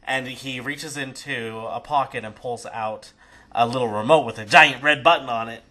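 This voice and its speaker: A man narrating a tabletop game as game master in a relaxed, conversational way. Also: mid-range voice, moderate pace, low-quality recording.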